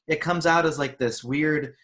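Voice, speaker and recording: A man's voice: on the high side, normal speed, fairly bright tone. A man from Arizona, a podcast guest, explaining earnestly in casual conversation and speeding up when making a point. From Arizona, United States.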